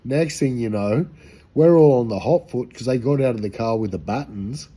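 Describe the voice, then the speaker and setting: Husky-voiced Australian man telling a story. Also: medium pitch, normal speed, warm tone. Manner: rambling, profane, slangy. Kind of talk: casual anecdote.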